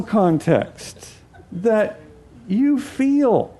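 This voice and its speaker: A man with a high-pitched voice gives a teaching talk to an audience. He is animated and acts out his examples. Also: slow. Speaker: speaker.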